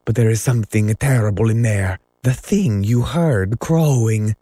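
A man's voice: on the low side, a little slow, dark tone, breathy edge, no room sound. A man voicing a terrified pirate crewman in an audiobook reading, talking in a hollow, gibbering rush. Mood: panicked.

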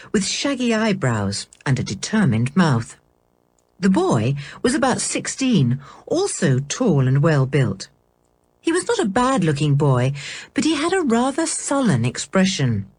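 A woman narrates a children's story in a measured, expressive way, her pitch moving widely. Her voice is slightly husky. The recording is close and dry. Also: dry recording.

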